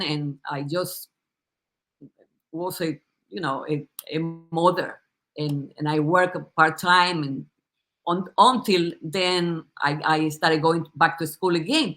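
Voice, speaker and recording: Earnest Spanish-accented woman, somewhat low. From Dominican Republic. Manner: warm, earnest, laughs easily, restarts often. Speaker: guest sharing her story. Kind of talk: casual personal testimony.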